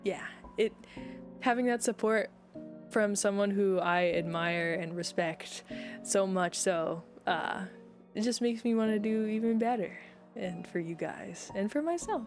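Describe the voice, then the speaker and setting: A young woman streamer chatting with her viewers in a loose, rambling way. Her voice sits at an ordinary middle pitch, and she sounds heartfelt as she circles back on her words. Soft music plays faintly behind her. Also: a little slow. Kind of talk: casual chat with viewers.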